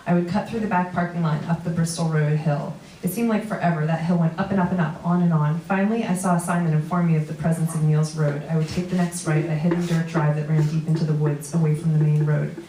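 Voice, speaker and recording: Low-voiced woman reading prose on stage. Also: fairly even intonation, fast, hardly any pauses, warm tone, distant mic, slight background noise. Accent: New York. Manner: reads steadily, with dry asides to the audience. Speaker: comedian reading a memoir piece. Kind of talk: live reading of personal prose. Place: small theater stage before an audience. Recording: roomy live venue recording from afar.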